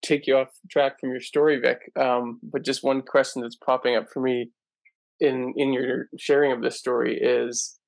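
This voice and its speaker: A male host in a relaxed interview, with a gravelly, mid-pitched voice. He asks long, thoughtful questions that wind as he thinks aloud. The sound is dry and close. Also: moderate pace, dry recording. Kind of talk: casual interview chat.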